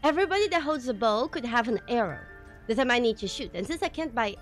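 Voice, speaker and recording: Excitable high-voiced woman streamer. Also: fast, soft background music. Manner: excitable, swears, chats with viewers. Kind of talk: live gameplay commentary.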